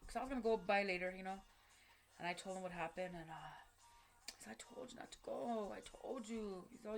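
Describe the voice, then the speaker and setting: A woman's voice: medium pitch, brisk, soft background music. A woman telling a personal story to camera, blunt and profane, in street slang with lots of fillers. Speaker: vlogger.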